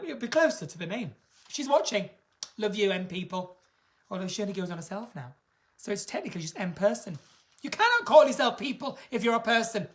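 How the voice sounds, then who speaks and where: A woman's voice: mid-range voice, fairly bright tone. A woman hosting a casual live stream, chatting in a camp, gossipy and theatrical way. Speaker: singer and live-stream host.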